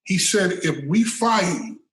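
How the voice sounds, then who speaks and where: A man's voice: high-pitched, very animated, a little slow, fairly bright tone, far from the mic. A man as a podcast guest, telling stories in a casual interview, emphatic and profane, often repeating words as he builds a point. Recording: roomy and off-mic.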